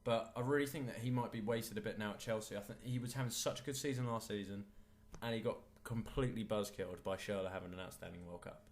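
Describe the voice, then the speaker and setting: A man's voice: fairly low pitch, steady tone, quick pace, hardly any pauses, a little hiss or hum. A man co-hosting a casual football podcast, opinionated and enthusiastic about players. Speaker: podcast co-host.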